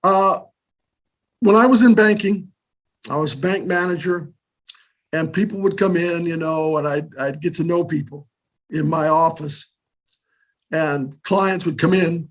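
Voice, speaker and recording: A man's voice: on the high side, a little slow, long pauses. An older man giving a casual business workshop on finances, talking conversationally and checking in often with "okay?" and "right?". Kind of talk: casual instructional talk.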